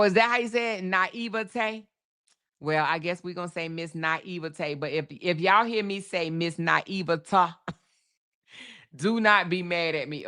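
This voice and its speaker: A woman's voice: lowish voice, pushed and bright. A woman hosting a casual livestream, chatting with viewers, reading their messages aloud and drawing out names with a laugh. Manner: chatty, drawls names, reads super chats aloud, laughs often. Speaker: livestream host. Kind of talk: casual live chat with viewers.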